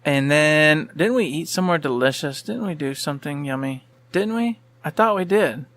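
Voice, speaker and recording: A man in his thirties chatting casually as a podcast co-host. He is relaxed and quick to laugh. His voice sits a little high, and the sound is close and dry. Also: dry recording. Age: 30s. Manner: laid-back, laughs often. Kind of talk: casual chat.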